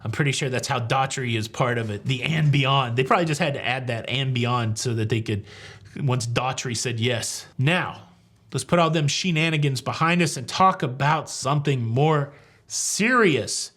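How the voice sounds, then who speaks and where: A man's voice: medium pitch, normal speed, a bit bright. A middle-aged man hosting a cruise news show, talking casually with wry, sarcastic jokes and rambling asides. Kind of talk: casual comedic commentary.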